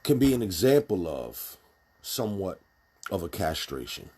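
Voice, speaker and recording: A man's voice: low-pitched, sing-song, normal speed, warm tone, slightly rough. A man giving a casual, blunt spoken commentary, emphatic and full of restarts. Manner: emphatic, many fillers and restarts, speaks bluntly.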